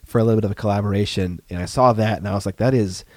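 A man's voice: on the low side, fairly even intonation, very fast, dry recording. A man co-hosting a hobby podcast, chatting casually and joking, often trailing off into fillers. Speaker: podcast co-host. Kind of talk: casual chat.

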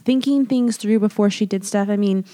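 A woman in her thirties chats with a friend on their podcast. She talks casually and enthusiastically, filling her sentences with "like" and quick asides. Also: medium pitch, mellow. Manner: chatty, enthusiastic, lots of "like". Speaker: podcast co-host. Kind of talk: casual chat. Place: traveling in an RV.

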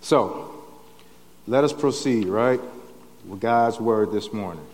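A man's voice: on the low side, slow pace, a little mellow. A man preaching a sermon in a conversational way, often checking in with "right?". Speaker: pastor. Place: church sanctuary. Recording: long reverb of a church hall.

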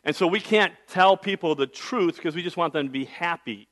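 A middle-aged male pastor preaching a sermon, telling a personal story in a conversational way, with big swings from soft to loud. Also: fairly high pitch, a little fast.

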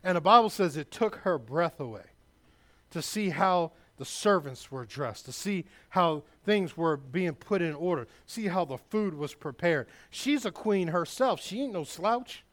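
Man, pastor, sermon, high-pitched, emphatic, loud, talks straight to the congregation. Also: lively intonation, unhurried.

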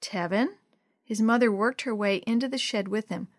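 A woman narrating a children's story in a lively storybook manner, her voice close and dry with no room sound. She moves easily between plain narration and animated dialogue. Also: a little high, a little fast, no room sound. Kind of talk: storybook reading with character voices.

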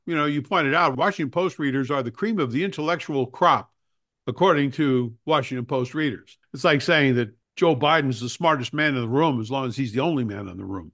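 A man's voice: medium pitch, a bit bright. A man hosting a talk show, chatting casually about politics with wry jokes. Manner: wry, joking.

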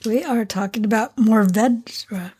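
A woman's voice: on the high side, a little slow, a little mellow, breathy edge. A woman co-hosting a wine podcast, making dry, blunt remarks in casual chat.

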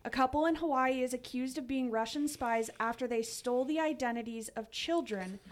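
A woman's voice: high voice, fairly quick. Woman co-host reading headlines. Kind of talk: reading news headlines in casual chat.

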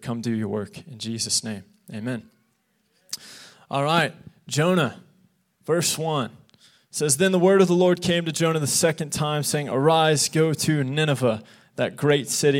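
A man's voice: mid-range voice, measured pace. Earnest man preaching a sermon. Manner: earnest, animated preaching that acts out quoted voices. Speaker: youth pastor. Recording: podcast of a live church sermon.

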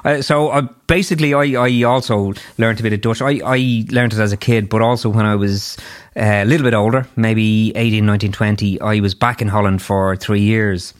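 A man's voice: fairly low pitch, steady tone, brisk. A man in his fifties with an Irish accent, hosting a podcast interview in a chatty, rambling way with many restarts and asides. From Ireland. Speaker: podcast host. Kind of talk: casual interview chat.

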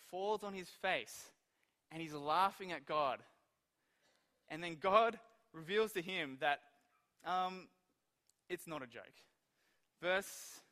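A man preaching a sermon, telling stories in an animated way and acting out the quoted lines. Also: sits high, big-room sound.

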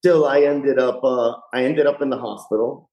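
A man's voice: medium pitch, steady tone, moderate pace, darkish tone. A man in his forties, a fire rescue lieutenant, candidly retelling his story in a chatty podcast interview. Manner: candid, chatty retelling with frequent "you know". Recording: roomy echo.

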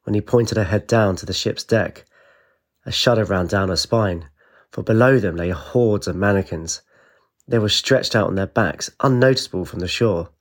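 A man, narrating an audiobook with steady storytelling. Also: on the low side, moderate pace.

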